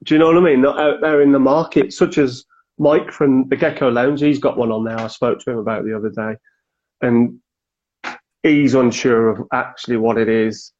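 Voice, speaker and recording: A man, chatting casually on a podcast about keeping and breeding reptiles, animated and quick to act out little exchanges. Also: mid-range voice. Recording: dull lo-fi sound.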